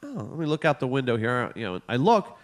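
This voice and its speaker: A man's voice: mid-range voice, big pitch swings, quick pace. A middle-aged man co-hosting a podcast, telling a long story in a casual, profane way and acting out what people said. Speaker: podcast co-host.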